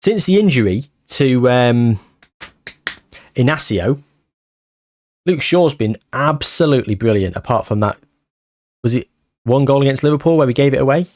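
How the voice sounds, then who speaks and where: A man commentating his football management game as he plays, anxious and short of breath, bursting into excited shouts at near misses. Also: mid-range voice, normal speed, pauses often, dry recording. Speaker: gaming YouTuber.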